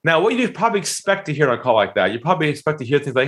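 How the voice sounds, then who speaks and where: Man, animated storytelling, emphatic delivery, acts out voices. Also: on the high side, rapid-fire. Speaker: sales trainer guest telling a story.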